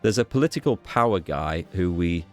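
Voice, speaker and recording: A deep-voiced man talks through a strategy game as he plays it, musing aloud and often pausing on fillers and half-finished phrases. Soft background music runs quietly under his commentary. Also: expressive. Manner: thinks aloud, musing with fillers and small restarts. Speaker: gaming YouTuber. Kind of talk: casual gameplay commentary.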